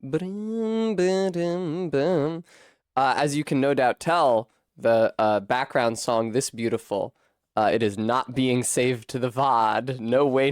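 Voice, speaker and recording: A man's voice: mid-range voice, clean tone, dry recording, studio quality. A man from Rhode Island chatting casually on a live stream, self-deprecating and swearing freely, with occasional coughing. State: coughing fits.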